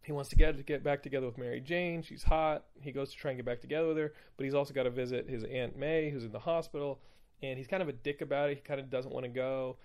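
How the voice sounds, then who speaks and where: A man's voice: medium pitch, steady tone, quick pace, darkish tone. A man hosting a podcast, recapping comic books in a loose, rambling, profane way full of fillers. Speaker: podcast host. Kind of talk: casual comic book recap.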